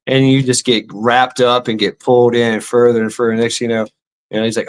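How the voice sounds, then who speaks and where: A man's voice: medium pitch, a little slow. A man ranting casually and sarcastically as a vlogger, with lots of stammered repetitions and swearing. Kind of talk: casual profane rant.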